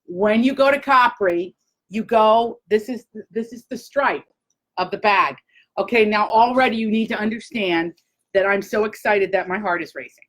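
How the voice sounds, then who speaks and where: A woman hosting a casual live chat, gushing and excitable, talking straight to her viewers. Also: medium pitch, normal speed, low-quality recording. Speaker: host.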